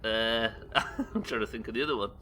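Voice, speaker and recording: A man's voice: lowish voice, fairly quick, bright, forceful tone, a little hiss or hum. A young man from the UK streaming a game live, rambling, self-deprecating and swearing casually as he reads his viewers' messages aloud. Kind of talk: live gameplay commentary chatting with viewers.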